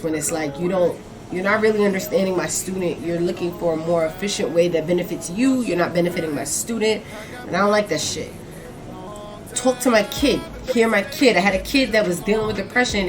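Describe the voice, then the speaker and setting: Animated woman telling a story over music. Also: lowish voice. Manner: animated, emphatic, swings loud and soft. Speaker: podcast co-host; teacher. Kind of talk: casual storytelling chat.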